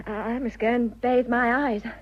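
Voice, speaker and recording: A tender, teasing young English heiress, as a woman acts her out in an old radio play. Her voice sits a little high, heard through a dull broadcast with faint hiss behind it. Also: fairly even intonation, moderate pace, natural voice. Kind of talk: 1940s radio acting.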